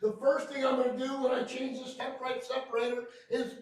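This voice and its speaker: Male trainer, very high voice, joking storyteller who quizzes his class; recorded far off in a very echoey room. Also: flat delivery, a little fast. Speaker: field service trainer. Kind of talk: hands-on technical training class.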